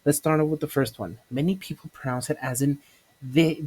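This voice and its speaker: A man's voice: on the high side, a little fast, a little mellow, breathy edge. A man student explaining pronunciation in a casual, explanatory way, contrasting wrong and right forms. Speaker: student presenter.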